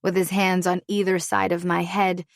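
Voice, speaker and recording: A woman's voice: on the low side, flat delivery, moderate pace, gravelly, no room sound, clean studio sound. Sultry woman narrating a romance. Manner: wry, sultry, playful. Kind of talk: first-person romance audiobook narration.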